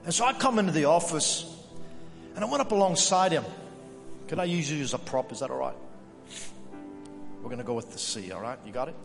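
A man's voice: fairly high pitch, lively intonation, fairly quick, creaky, long pauses. A man preaching a sermon as pastor, telling a workplace story and lifting his voice when he quotes others. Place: church sanctuary. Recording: echoey hall with music behind.

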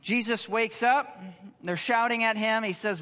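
A man preaching a sermon, conversational and animated, asking the congregation rhetorical questions. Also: sits high, moderate pace, long reverb tail. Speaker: pastor.

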